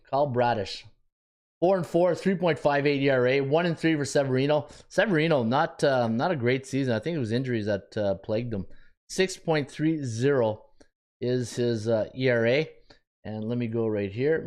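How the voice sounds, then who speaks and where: A man with a Canadian accent hosting a sports betting podcast, chatting casually, thinking aloud and joking with himself as he works through the numbers. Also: mid-range voice.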